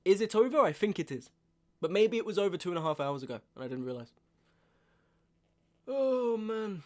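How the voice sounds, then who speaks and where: A man's voice: on the high side, animated, fast talker, a little mellow. A man in his twenties chatting casually on a live stream, exasperated, ranting and often repeating himself. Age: 20s. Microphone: webcam setup at home.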